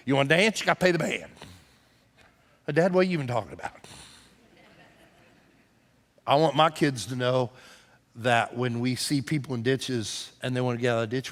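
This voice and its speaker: A man pastor delivering a sermon, telling stories with animated emphasis that climbs to near shouts. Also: medium pitch. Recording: church hall with long reverb.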